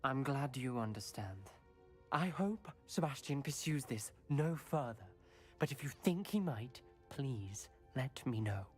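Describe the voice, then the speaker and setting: A stern, protective young wizard student, voiced by a man in a video game. He speaks earnestly and reproachfully, pleading with quiet gravity, over faint background music. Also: mid-range voice, lively intonation, a little slow, close to an everyday voice.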